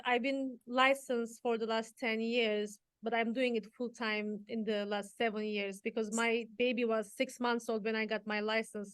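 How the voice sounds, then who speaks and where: A woman's voice: on the high side, smooth, dry recording. Turkish-accented woman broker, close dry mic. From Turkey. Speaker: real estate broker, guest. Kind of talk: interview answers.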